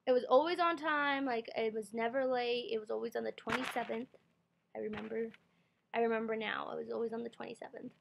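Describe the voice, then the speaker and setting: A woman's voice: a little high, steady tone, a little fast, creaky, slight background noise. A young woman telling a rambling storytime vlog into her computer's built-in mic, full of fillers and quoted self-talk. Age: young adult. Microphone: computer webcam mic.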